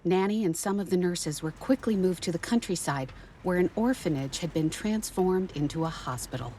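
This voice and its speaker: A woman narrating as a granddaughter, telling her grandmother's wartime story in a calm, measured way. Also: fairly low pitch, a little hiss or hum, close to an everyday voice. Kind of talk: scripted documentary narration.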